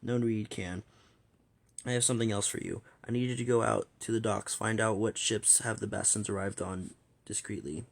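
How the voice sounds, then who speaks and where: A low-pitched man reads a fan-made audio drama and does all the parts himself. His voice is gravelly and full of creak. The delivery stays plain and conversational. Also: fairly even intonation, moderate pace. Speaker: solo voice actor reading all parts.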